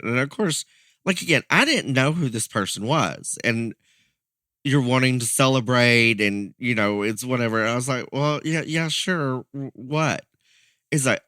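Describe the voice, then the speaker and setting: A man co-hosting a podcast, telling a story in a casual, animated way, laughing and acting out the people in it. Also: medium pitch, moderate pace, dry recording, clean studio sound. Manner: animated, laughing, acts out quoted voices.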